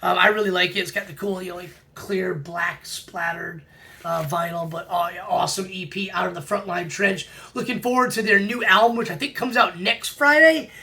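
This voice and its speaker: A man's voice: high voice, steady tone, normal speed, creaky, bright, forceful tone. A man casually talking through his vinyl records, enthusiastic and full of fillers and restarts. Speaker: record collector vlogger. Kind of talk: casual vinyl review chat.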